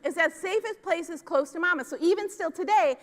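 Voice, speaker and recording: Middle-aged woman from Minneapolis, high voice, keynote storyteller; recorded in a large reverberant hall. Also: a little fast. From Minneapolis, US Midwest. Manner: storytelling, asks the audience "right?" often. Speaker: conference keynote speaker. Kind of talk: keynote talk. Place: conference hall stage.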